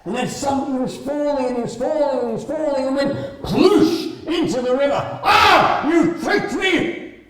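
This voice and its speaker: A man's voice: very high voice, brisk, few pauses, warm tone, some chatter behind. A man telling a traditional story live at a festival, dramatic and swooping, drawing out his words. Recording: roomy live hall with faint noise.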